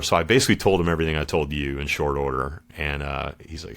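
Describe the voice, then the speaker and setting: A man's voice: a bass voice, quick pace, hardly any pauses. A middle-aged man, a former Marine guest on a podcast, telling his story in a casual, slangy way and calling the host dude and brother.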